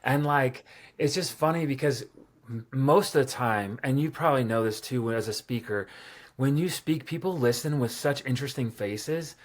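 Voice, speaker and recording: A man's voice: medium pitch, normal speed. A man in his thirties, a podcast guest, telling personal stories casually with lots of fillers and a self-deprecating tone. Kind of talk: casual storytelling interview.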